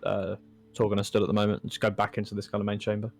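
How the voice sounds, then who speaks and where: A man playing a tabletop game, relaxed and casually swearing. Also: on the low side, racing, creaky. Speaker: player.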